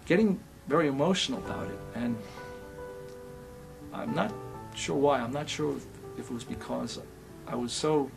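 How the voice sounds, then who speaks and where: A middle-aged male actor telling a personal story in a reflective, sometimes soft and quiet way. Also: mid-range voice, normal speed, gravelly, long pauses, music in the background.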